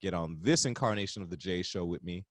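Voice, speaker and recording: A man's voice: low voice, quick pace, no room sound, studio quality. A man from New York, a radio show host, chatting casually and with enthusiasm. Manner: enthusiastic, animated storyteller. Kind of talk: casual chat.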